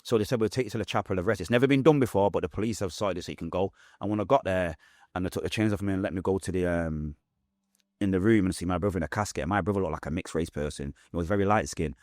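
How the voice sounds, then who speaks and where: A low-pitched, darkish voice comes through rapid-fire as a Manchester-accented guest from England narrates his life in an interview. Blunt, emotional, and full of street slang, he's heard in clean studio sound without any room sound.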